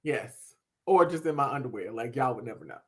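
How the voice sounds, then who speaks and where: A woman co-hosting a casual podcast, telling stories in a lively, expressive way. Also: very deep voice, brisk, breathy edge. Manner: lively storyteller, expressive swings. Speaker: podcast co-host. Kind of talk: casual chat.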